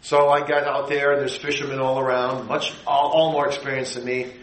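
A man's voice: level tone, fairly quick, a bit bright. Fervent preacher man, echoey room. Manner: rising to emphatic high climaxes, then dropping low. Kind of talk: sermon.

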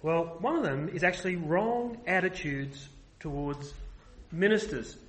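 A man's voice: fairly high pitch, lively intonation, unhurried, rough recording. A man preaching a sermon, earnest and emphatic, often restarting his phrases.

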